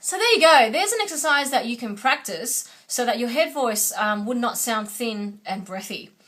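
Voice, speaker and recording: A woman's voice: fairly high pitch, expressive, normal speed, a bit bright, soft background music. A woman vocal coach teaching a singing lesson, patient and instructive, often checking in with "okay?".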